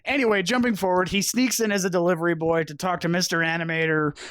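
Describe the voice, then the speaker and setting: A man's voice: sits high, fairly even intonation, fast talker, fairly bright tone, dry recording. A young man co-hosting a podcast, rambling through a movie recap with sarcastic, crude jokes. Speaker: podcast co-host. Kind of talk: casual chat.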